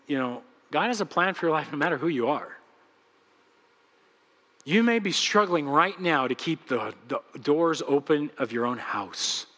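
A man's voice: fairly high pitch, animated, normal speed, fairly bright tone, in a large hall. A man preaching a sermon as pastor, earnest and pleading as he speaks straight to his congregation. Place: church sanctuary.

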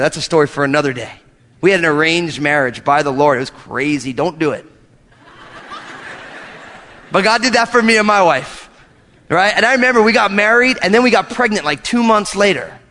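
High-voiced man preaching with jokes. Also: in a large hall. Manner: animated, joking storyteller. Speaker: pastor. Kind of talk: sermon. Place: church hall.

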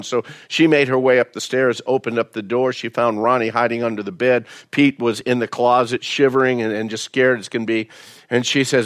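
A male pastor delivers a storytelling sermon in a folksy, chatty way, often restarting his words. His voice sits at an ordinary middle pitch. The recording is dry and close. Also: flat delivery, a little fast, no echo. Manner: folksy, conversational, repeats words.

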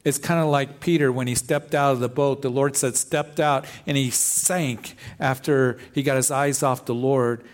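A man's voice: medium pitch, fairly even intonation, moderate pace, hardly any pauses. A man, a pastor preaching a sermon with scripture readings in an earnest, plain-spoken way.

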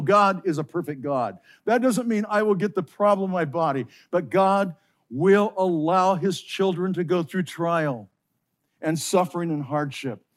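A pastor preaching a sermon to his congregation, slowing down and stressing key phrases with passion. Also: high-pitched.

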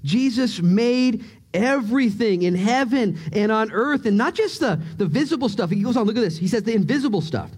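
A male pastor preaching a sermon in a church, joking and excitable as he tells stories. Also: sits high, moderate pace, breathy edge. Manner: animated, joking, excitable storyteller. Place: church sanctuary.

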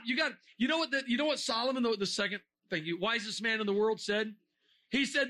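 A man delivers a lively sermon to a young audience, joking around and firing off rhetorical questions. His voice sits high and bright. He now and then breaks into a shout to drive a point home. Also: a little fast. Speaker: preacher.

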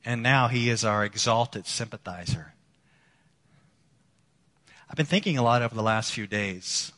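A man preaching a sermon as a pastor, earnest, moving between emphatic lines and hushed ones. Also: mid-range voice, a little slow. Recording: long hall reverb.

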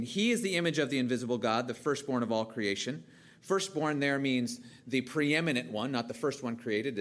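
A man's voice: mid-range voice, a bit bright. A man preaching a sermon with emphasis, asking his listeners questions and answering them himself.

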